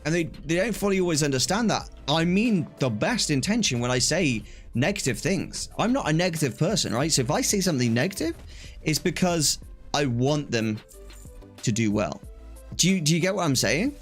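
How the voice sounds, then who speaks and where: A man's voice: a little high, big pitch swings, moderate pace, soft background music. A young man chatting casually on a live stream, telling stories animatedly, acting out quoted exchanges and laughing often.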